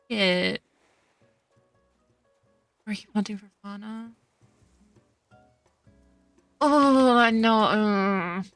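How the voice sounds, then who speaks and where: A woman's voice: medium pitch, extremely slow, long pauses, a bit bright, clear, resonant tone, no room sound. A young woman streaming a cozy game, chatting casually, reading chat aloud and gushing over cute characters. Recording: dry close sound with faint game music.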